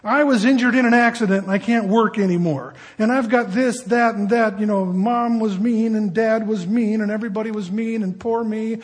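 A man's voice: sits high, fairly even intonation, moderate pace, hardly any pauses, in a large hall, lightly acted. A man preacher voicing a whiny, self-pitying man who lists excuses and grievances. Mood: whining. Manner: complaining, exasperated, piling up grievances. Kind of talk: sermon illustration.

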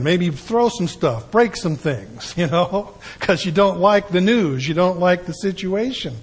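Older man, preacher, folksy asides, breathy tone, somewhat high pitch. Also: animated, a little slow, hardly any pauses, low-quality recording. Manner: folksy, conversational, with many asides. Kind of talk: conversational sermon.

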